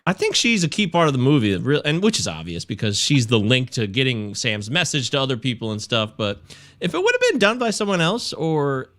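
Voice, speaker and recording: Lively, bright-voiced male podcast host. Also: mid-range voice, a little fast. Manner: opinionated and jokey. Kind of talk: casual film chat.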